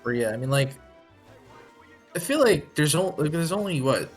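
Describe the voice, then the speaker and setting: A man commentating a speedrun live in a relaxed, chatty way. He picks apart the play, often trailing off mid-thought, and his voice rises and falls freely. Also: fairly high pitch, moderate pace, soft background music.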